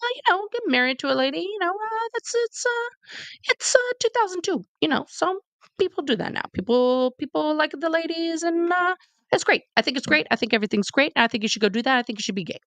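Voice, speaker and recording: A man's voice: very high voice, animated, a bit bright, no echo, voice pushed up, full character voice. A woman impersonating her rambling, awkwardly supportive middle-aged godfather, stammering and repeating herself. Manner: stammering, halting, repeats himself.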